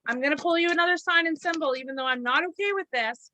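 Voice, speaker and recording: A woman's voice: high voice, fast talker, bright, forceful tone, slight background noise, low-quality recording. A woman giving a live mediumship reading, blunt and lecturing, with casual swearing.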